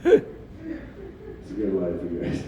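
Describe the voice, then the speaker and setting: A man's voice: sits low, huge pitch swings, takes it slowly, highs cut off, crowd noise. A man doing a stand-up comedy set in a club, laid-back and swearing casually, chuckling at his own jokes. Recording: echoey club recorded from far off.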